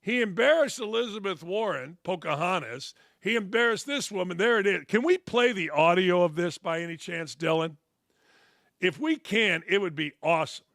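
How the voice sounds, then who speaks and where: A man's voice: high voice, lively intonation, normal speed, gravelly, a bit bright, no room sound, clean studio sound. A male sports talk show host delivering a blunt, profane, opinionated monologue full of sarcastic asides. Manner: brash, blunt, profane ranting; mocks others with sarcastic put-on quotes.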